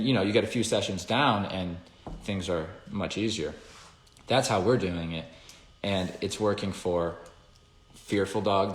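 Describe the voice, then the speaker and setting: Male dog trainer with a low voice, loose conversational delivery that drifts into acting out scenes, recorded in an echoey room. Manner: rambling, conversational, acts out dog scenarios. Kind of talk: casual explanatory talk.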